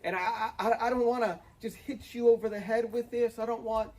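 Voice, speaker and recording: A man's voice: very high voice, fairly even intonation, a little fast, low-quality recording. A young man preaching a sermon outdoors, earnest and building to fervent emphasis. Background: dog barking, wind.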